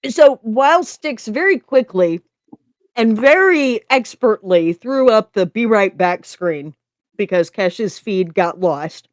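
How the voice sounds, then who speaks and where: A woman co-hosting a writing prompt stream who chats excitedly, giggles, talks with her mouth full and reads stories aloud. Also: fairly high pitch, takes it slowly, no room sound, clean studio sound. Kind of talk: casual chat and reading stories aloud.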